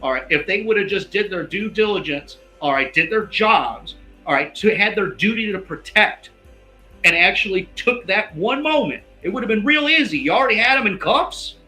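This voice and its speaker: A fired-up man with a high, bright voice and lively intonation speaks at a normal pace with a forceful tone. He's an investigative guest in a heated interview, emphatic and constantly tagging on "all right," recorded in an echoey room with faint music behind him.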